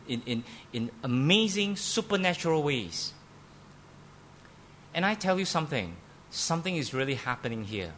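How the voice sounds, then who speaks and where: A man's voice: fairly high pitch, sing-song, unhurried, fairly bright tone, slight background noise. Emphatic pastor man preaching. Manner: emphatic, repeats words, stammering restarts. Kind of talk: sermon. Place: church.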